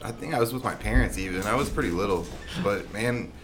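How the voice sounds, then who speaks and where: A man's voice: lowish voice, fast talker, music in the background. A man from Texas in a casual chat, laid back and poking fun at himself. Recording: clear background noise.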